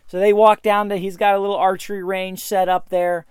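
A man's voice: high voice, steady tone, a little fast, few pauses, clean tone, no echo, clean studio sound. A man telling a hunting story in a casual, matter-of-fact and emphatic way. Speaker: bowhunting advice speaker.

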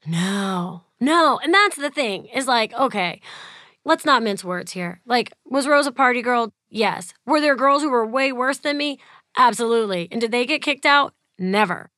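This interviewee, a woman in her thirties, speaks at a normal speed with an animated, slightly high, sharp-toned voice. The studio recording is clean with no room sound, and she chats casually through a personal story, performing quoted dialogue and leaning heavily on "like."

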